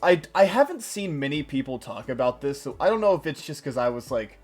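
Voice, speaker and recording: A young man talks in an excitable, rambling way, swearing freely in a loose stream chat. His pitch sits at an ordinary middle height. Faint music plays behind him. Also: a little fast. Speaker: stream co-host. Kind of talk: casual chat.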